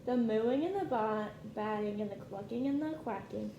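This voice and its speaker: A woman teacher reading a picture book aloud to her class in a slow, clear storytime delivery. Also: on the high side, mellow, reverberant, dull audio, a little hiss or hum.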